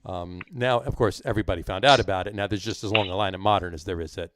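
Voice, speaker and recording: A man's voice: low-pitched, fast talker, background noise. A man hosting a casual chat show, joking around and rambling with plenty of fillers. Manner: jokey, rambling with many fillers. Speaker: podcast host.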